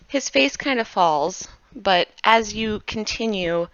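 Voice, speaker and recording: A woman narrating as game master of a tabletop game, animated and chatty. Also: medium pitch, no echo, lo-fi sound. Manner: animated, chatty, quick to laugh.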